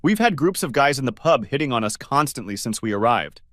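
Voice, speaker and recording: A man's voice: mid-range voice, big pitch swings, brisk, a bit bright, no echo, clean studio sound, voice pushed up. A man voicing a frank, exasperated young woman friend in a story reading. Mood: blunt.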